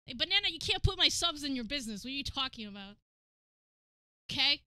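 A woman hosting a live stream in casual, animated chat; she sounds exasperated and swears freely. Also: sits high, fast, no room sound, studio quality. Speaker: livestream host.

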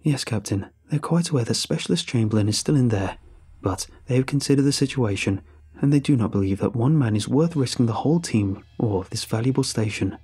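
A man voicing a cautious male officer who speaks in a measured, doubtful way. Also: mid-range voice, animated, mellow, breathy edge.

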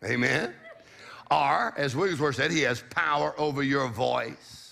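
Man, preacher, sermon, middle-aged, exhorting, bright tone, gravelly edge. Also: mid-range voice, measured pace. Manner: exhorting, with call-and-response and repeated "come on".

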